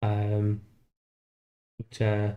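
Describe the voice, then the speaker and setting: A man streaming live while coding a game, thinking aloud in a halting, self-deprecating way. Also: on the low side, completely flat delivery, phone-quality sound.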